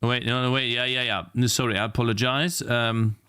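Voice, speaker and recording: A man's voice: medium pitch, fairly even intonation, fairly quick, bright, forceful tone, clear, resonant tone. A man streaming while he works on his game, talking casually, frustrated, swearing and muttering at his computer. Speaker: indie game developer streamer. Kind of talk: casual live-stream talk while working. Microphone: streaming mic at a desk.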